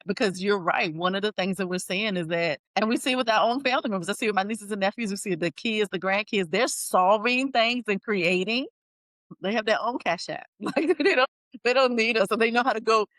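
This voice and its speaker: A woman hosting a podcast, telling stories in a lively casual chat and acting out what people said. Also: medium pitch, no room sound. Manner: animated storytelling, acts out quotes. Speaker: podcast host.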